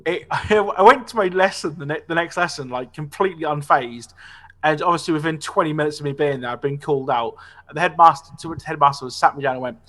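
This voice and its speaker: A man's voice: fairly high pitch, quick pace. A man in his late twenties, a podcast host, telling sweary anecdotes in a casual chat and often tagging "right?" onto his sentences. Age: 20s. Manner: animated, sweary anecdote telling with frequent "right?" tag questions.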